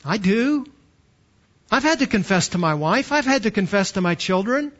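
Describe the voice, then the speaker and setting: With an animated, fairly bright and notably high voice, a pastor in his fifties delivers a sermon. He leans on slowed, emphatic stresses and rhetorical questions, and the audio sounds muffled and lo-fi.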